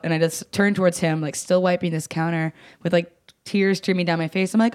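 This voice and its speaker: Young woman, low voice, blunt storyteller. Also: fairly even intonation, brisk, a little mellow. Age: young adult. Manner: blunt, swears freely, acts out quotes with pitch jumps. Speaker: guest. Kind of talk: casual podcast chat, personal story.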